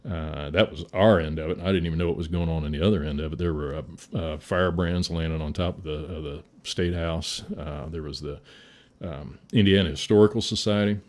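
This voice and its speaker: A Midwestern fire chief with an extremely low, steady voice tells a war story briskly. His casual storytelling is folksy, with occasional swearing and chuckles.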